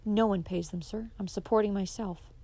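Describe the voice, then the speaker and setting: A woman reading the part of a young daughter who speaks quietly, calm but firm. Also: medium pitch, normal speed, natural voice.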